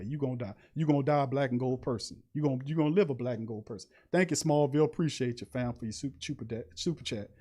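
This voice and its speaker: A man hosting a podcast, talking in a casual, slangy livestream monologue. He preaches with emphasis, jumping sharply up in pitch to stress a point, from an otherwise mid-range voice. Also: mellow. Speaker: podcast host.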